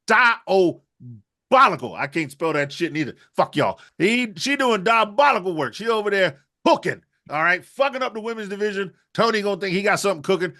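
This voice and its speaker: A man's voice: high voice, bright, forceful tone. A man co-hosting a wrestling podcast, ranting in a profane, rambling comic riff. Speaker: podcast co-host. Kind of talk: comedic rant.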